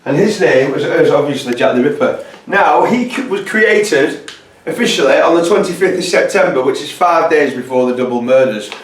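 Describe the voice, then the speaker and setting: A man giving a casual, rambling lecture to camera, halting often with fillers. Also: a little high, animated. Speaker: presenter. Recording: roomy echo, distant mic.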